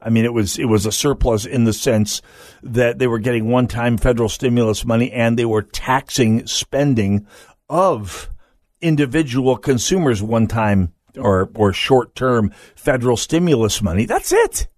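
A man hosting a political talk radio show, emphatic and quick to restart his sentences. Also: medium pitch, no echo, clean studio sound. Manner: animated, emphatic, frequent restarts. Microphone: studio microphone.

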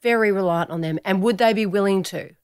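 A woman's voice: medium pitch, quick pace, darkish tone, clean tone, dry recording, studio quality. A woman, a radio host asking direct, probing interview questions.

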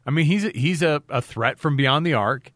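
A man's voice: a little high, expressive, normal speed, a bit bright, dry recording, studio quality. A man hosting a casual sports talk show, rambling a bit and retelling what players said. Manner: rambling, restarts and quotes players. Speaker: sports radio host.

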